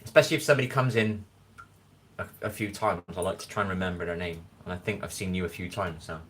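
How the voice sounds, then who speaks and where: Low-voiced yet fairly bright, a West Country man talks at a quick pace on his livestream, tired from too little sleep, rambling and reading viewers' names from chat. It's a home phone recording with a little hiss or hum.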